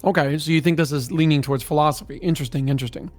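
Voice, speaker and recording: A man's voice: on the high side, fairly even intonation, very fast, faint music behind. A man co-hosting a stream, chatting and joking in a playful, giggly way. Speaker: co-host of a stream reading a document. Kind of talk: casual joking stream chat.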